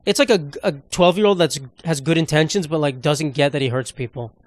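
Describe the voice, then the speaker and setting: A man's voice: fairly high pitch, fairly quick, no echo. A young man hosting a solo comedy podcast, rambling through sarcastic jokes and asides. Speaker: podcast host.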